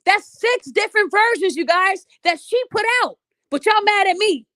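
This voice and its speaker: A woman's voice: extremely high pitch, expressive, moderate pace, a bit bright, no room sound, studio quality. A woman podcast host giving blunt, profane commentary straight to her audience. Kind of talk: ranting commentary.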